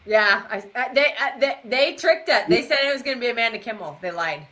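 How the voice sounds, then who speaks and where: A woman's voice: a little high, lively intonation, brisk, pushed and bright, poor audio. A young woman co-hosting a live match watchalong in a chatty, rambling, self-deprecating way. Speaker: watchalong co-host. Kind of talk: casual chat over a live match.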